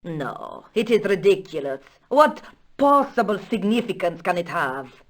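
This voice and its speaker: An actress voicing a proud, dramatic aging countess with a Spanish accent in a video game, talking in a stately, theatrical way. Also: female voice, mid-range voice, big pitch swings. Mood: haughty. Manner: stately, slow and theatrical, bursts into shouts.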